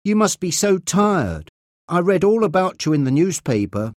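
A man reading aloud, voicing a caring woman who soothes a sick man in a raised, gentle voice. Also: high-pitched, big pitch swings, normal speed, no echo, studio quality, pitched above the performer's own voice. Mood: soothing. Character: caring woman nurse friend.

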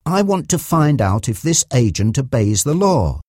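A man's voice: mid-range voice, big pitch swings, moderate pace, a little mellow, breathy edge, no room sound, clean studio sound. A man reading an audiobook, voicing a decisive female lawyer who gives firm, clipped instructions.

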